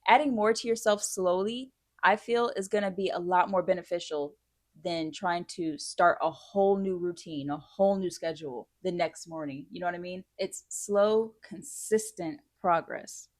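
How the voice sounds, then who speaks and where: A woman's voice: on the low side, normal speed, dry recording, clean studio sound. A woman in her thirties giving blunt, frank life advice in a casual chat, answering viewer questions.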